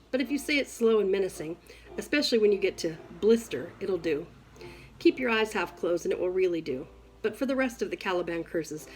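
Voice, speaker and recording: A woman reading a novel aloud in an expressive first-person storytelling voice. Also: fairly low pitch, low-quality recording. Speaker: reader.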